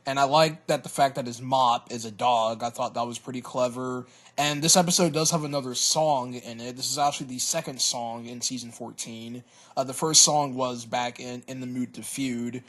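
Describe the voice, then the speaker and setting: A man giving a casual cartoon episode review, hesitant, often repeating words and filling pauses. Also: medium pitch, a bit bright. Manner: hesitant, stammers and repeats words, many fillers.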